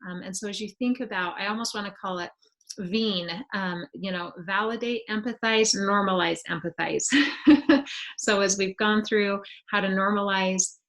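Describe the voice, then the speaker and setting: A woman presenting a webinar over a video call, explaining in a relaxed, conversational way with many fillers. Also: mid-range voice, normal speed. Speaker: webinar presenter on student well-being.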